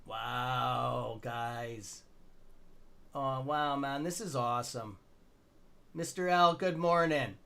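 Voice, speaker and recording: A man's voice: mid-range voice, slow, gravelly, long pauses, sharp tone, clean tone. A middle-aged Canadian man hosting a stock trading livestream, rambling loosely and greeting viewers by name in a friendly, casual way.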